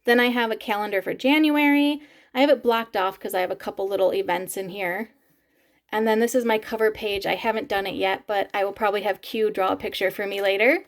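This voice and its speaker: A woman's voice: medium pitch, steady tone, a little fast. A woman in her thirties vlogging casually to camera, chatty and laughing often between words. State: teary, crying while laughing. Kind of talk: casual vlog talk to camera.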